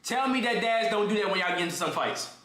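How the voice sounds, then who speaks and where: A young man streams to his live chat, telling a story in slang and addressing viewers directly. His voice is high-pitched, quick, pushed and bright, and very animated, with an echoey room around him.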